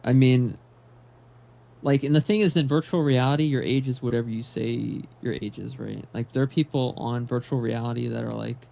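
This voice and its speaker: A man's voice: medium pitch, steady tone, normal speed, creaky, a little mellow. A man co-hosting a podcast, giving blunt, crude opinions in casual chat. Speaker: podcast co-host.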